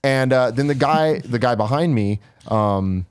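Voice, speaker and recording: A podcast co-host with a clear, resonant, medium-pitched voice tells stories at a measured, animated pace in a casual chat. He acts out quotes in a raised voice.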